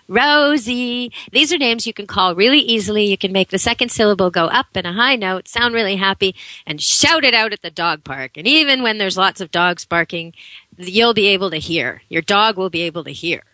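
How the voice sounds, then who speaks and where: A middle-aged woman from Canada hosting a radio show, telling stories in a chatty, animated way with frequent laughs. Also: mid-range voice, no echo, rough recording. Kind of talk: casual chat on air.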